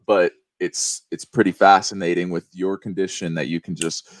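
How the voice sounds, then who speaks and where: A man hosting a podcast interview, speaking in a halting way with fillers. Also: low-pitched, flat delivery, dry recording. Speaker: podcast host. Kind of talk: casual interview.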